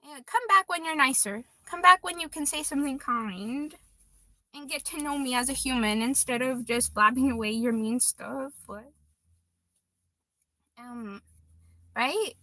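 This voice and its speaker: A woman's voice: high-pitched, unhurried, pauses often, sharp tone, dry recording. A woman in her twenties chatting casually on a livestream, reading viewer comments aloud and laughing often. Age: 20s.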